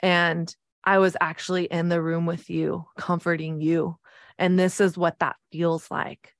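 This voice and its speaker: In clean studio sound with no room echo, a podcast host in her thirties shares a personal story. Her lowish voice has little pitch movement, she's unhurried, earnest and reflective, and she uses "like" often.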